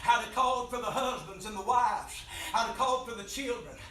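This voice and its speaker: A man preaching an impassioned revival sermon in a church, swinging between soft pleading and loud shouting. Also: extremely high pitch, brisk, a little hiss or hum. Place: church sanctuary. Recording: very echoey church from far off mic.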